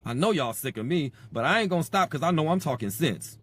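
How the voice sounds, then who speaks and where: A man's voice: on the high side, quick pace. A man hosting a podcast, delivering an impassioned, sarcastic monologue. He repeats himself and speaks straight to his listeners. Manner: animated, swings between loud and quiet. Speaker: podcast host.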